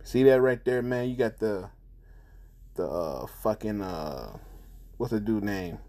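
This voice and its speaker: A man's voice: on the low side, lively intonation, a little slow, dark tone. A man giving casual, heated commentary on news videos, profane and repetitive, in an indignant manner.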